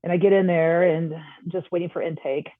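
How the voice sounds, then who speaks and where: A woman guest on a podcast, telling a personal story in a casual, animated way and acting out the dialogue. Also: on the low side, a little fast, no room sound. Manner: animated, acts out quoted dialogue. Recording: tinny phone-like line.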